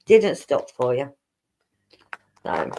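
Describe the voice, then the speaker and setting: A woman's voice: very deep voice, huge pitch swings, drawn-out words, dark tone. A woman co-hosting a casual chat, teasing the others and giggling through her banter.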